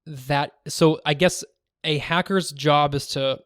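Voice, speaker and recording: A man co-hosting a podcast in casual chat, chatty and joking, quick to laugh. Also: a little high, fairly even intonation, a bit bright, no echo, studio quality. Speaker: podcast co-host.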